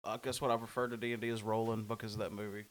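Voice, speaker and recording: A man's voice: fairly low pitch, little pitch movement, rapid-fire. A man hosting a podcast in casual chat, telling a story with laughs and self-mocking humor. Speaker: podcast host.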